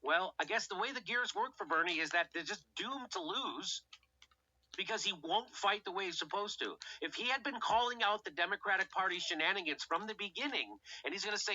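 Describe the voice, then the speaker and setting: Heated, bright-voiced man ranting. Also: sits high, quick pace. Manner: heated, sarcastic, swears often, rhetorical questions. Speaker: political show host. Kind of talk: profane political commentary rant. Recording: dull lo-fi recording.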